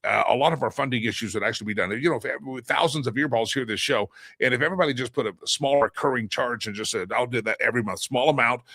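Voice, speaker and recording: A man's voice: mid-range voice, pushed and bright, dry recording. A middle-aged man hosting a daily live stream in a casual monologue, rambling, repeating himself and restarting sentences, with the odd chuckle. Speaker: show host.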